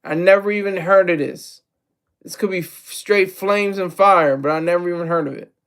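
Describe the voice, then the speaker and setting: A man's voice: sits high, moderate pace, a bit bright, smooth. A man giving casual, rambling solo commentary on hip hop, self-deprecating and full of restarts.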